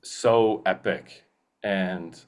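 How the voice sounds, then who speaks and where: A man's voice: low-pitched, darkish tone. A male voice actor, a guest in a casual interview, chatting eagerly and rambling with many fillers and restarts. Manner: slips into quick movie-character impressions.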